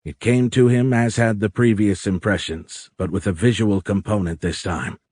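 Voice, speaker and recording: Deep voiced guy reading an audiobook, slow and even, dry close mic. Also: no room sound. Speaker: audiobook narrator. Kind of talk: scripted audiobook narration.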